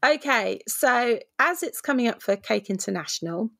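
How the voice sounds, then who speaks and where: A woman's voice: fairly high pitch, expressive, moderate pace, vocal fry, a bit bright. A woman co-hosting a podcast in casual chat, playful and laughing often. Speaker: podcast co-host.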